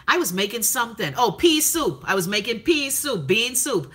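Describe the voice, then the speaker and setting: Bahamian woman, live-stream host, blunt and profane, bright voice, casual chat. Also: a little high, normal speed. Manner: blunt, profane, lively commentary.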